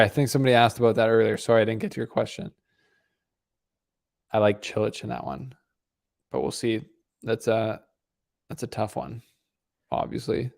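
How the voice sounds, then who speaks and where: A man's voice: mid-range voice, vocal fry, darkish tone. A man hosting a live tennis watch-along stream, giving casual, rambling commentary and chatting with viewers. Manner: casual, rambling, talks to chat. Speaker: stream host. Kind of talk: live match commentary and chat.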